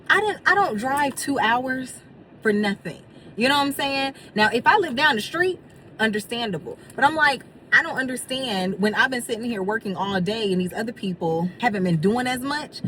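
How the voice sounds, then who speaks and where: A young woman talking casually to her vlog camera, venting about work with animated storytelling and quoted dialogue. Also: medium pitch, normal speed, far from the mic, a little hiss or hum. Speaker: vlogger. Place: in a car and a hotel.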